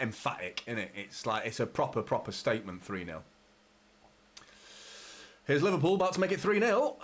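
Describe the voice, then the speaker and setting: A man's voice: fairly low pitch, fairly bright tone. A young man hosting a live football watchalong, commentating with frustration, swearing and talking to his viewers. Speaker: fan channel host.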